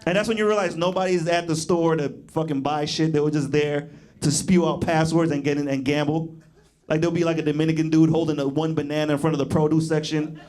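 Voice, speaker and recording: A young man does stand-up in a fairly high voice. He rambles loosely and laughs at his own jokes as he goes. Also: steady tone, quick pace, a little mellow. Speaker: stand-up comedian. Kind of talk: stand-up comedy.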